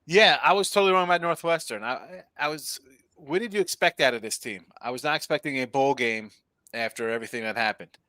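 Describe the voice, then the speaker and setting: A man's voice: mid-range voice, fairly quick, sharp tone, dry recording. A man talking through a college football pick on a betting podcast, rambling and jokey as he thinks aloud. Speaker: sports betting analyst. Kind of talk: casual sports podcast chat.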